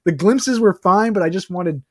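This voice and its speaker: Male podcast co-host, casual, animated and quick, slightly high voice. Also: slight background noise. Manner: animated, quick bursts with many fillers. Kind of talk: casual movie review chat.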